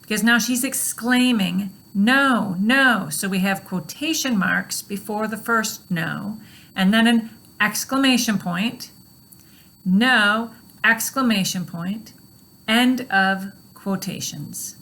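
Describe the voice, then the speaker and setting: A woman teaching a recorded grammar lesson in a steady, explanatory way, with frequent fillers. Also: mid-range voice, slow, vocal fry.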